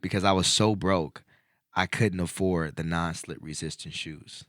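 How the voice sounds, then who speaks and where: A man with a low voice hosts a casual podcast chat. He tells a personal story with growing animation. The sound is dry and close. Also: a little slow, no room sound. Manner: animated storyteller, voice climbing when excited. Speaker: podcast host.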